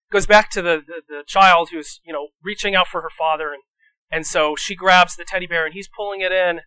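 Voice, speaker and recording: Man, preacher, bright tense voice, dry close sound, rambling conversational sermon. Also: a little high, no echo, low-quality recording. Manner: conversational, rambling storytelling with restarts.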